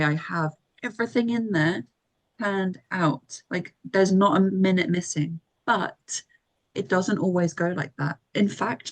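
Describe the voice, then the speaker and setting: A woman co-hosting a podcast in casual chat, upbeat and agreeable, laughing easily. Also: mid-range voice. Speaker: podcast co-host.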